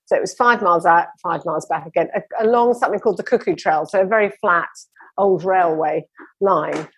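Enthusiastic woman, husky voice. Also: lowish voice, brisk, fairly bright tone, dry recording. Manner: enthusiastic, rambling with restarts. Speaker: interview guest. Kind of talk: casual storytelling conversation.

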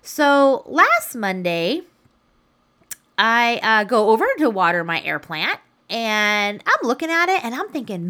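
Woman podcast host in her thirties, chatty and animated storyteller, bright slightly high voice. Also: a little slow. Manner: chatty, animated, laughs while telling a story. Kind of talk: casual storytelling monologue.

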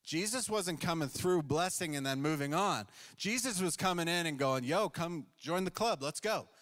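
A male pastor with a fairly high, fairly bright voice preaches a sermon in a conversational, storytelling style. He acts out quoted voices as he goes, and the recording carries a long hall reverb.

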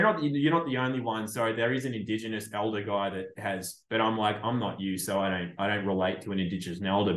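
A man hosting a podcast, talking in a blunt, profane, animated way in casual chat. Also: on the low side, echoey room. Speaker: podcast host.

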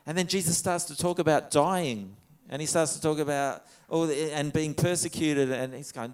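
A man delivers a sermon in an easygoing, conversational way, stopping to read scripture aloud between his own comments. His voice is fairly high for a man and comes through smooth and resonant. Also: moderate pace, few pauses. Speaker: pastor.

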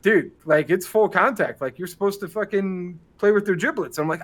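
A man's voice: sits high, moderate pace, hardly any pauses, a little hiss or hum. An American man on a podcast telling a story in casual chat, acting out the people he quotes and swearing freely. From United States. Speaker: podcast co-host.

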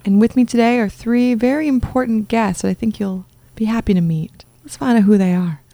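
A woman hosting a tabletop role-playing podcast and playing in it, chatty and quick to laugh. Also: a little high, steady tone, mellow, no echo. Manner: chatty, giggly, jokey. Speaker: podcast host and player. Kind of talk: casual tabletop game chat.

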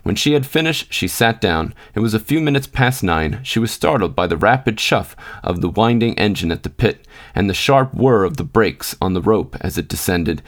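Low-voiced man narrating a story. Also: lively intonation, moderate pace. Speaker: podcast host. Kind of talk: scripted narration.

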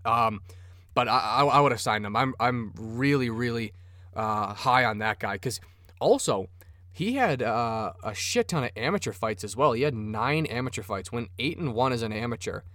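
A man's voice: mid-range voice, lively intonation, normal speed, sharp tone, no room sound, studio quality. A man hosting a sports podcast, rambling casually and cursing freely. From Minnesota. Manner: profane, rambling, enthusiastic. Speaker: podcast host.

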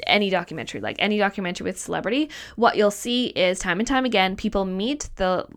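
A woman's voice: mid-range voice, expressive, quick pace. A woman hosting a solo podcast as a mindset coach, talking casually and emphatically, repeating points for stress and swearing now and then.

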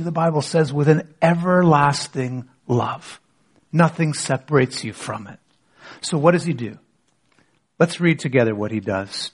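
A man's voice: fairly high pitch, husky. A man preaching a sermon as pastor, asking rhetorical questions and leading the congregation in reading scripture aloud.

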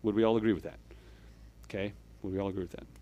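A man's voice: lowish voice, steady tone, very fast, lo-fi sound. Conversational male preacher, frequent "okay?". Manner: checks in with frequent "okay?" and "right?"; explains step by step, swings between louder pushes and quiet asides. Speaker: church elder preaching. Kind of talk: conversational sermon.

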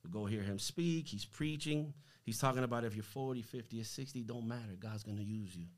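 A man giving a casual faith testimony as a podcast guest, slangy and animated, acting out what people said to him. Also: mid-range voice, fairly quick. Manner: animated, slangy, acts out quoted dialogue.

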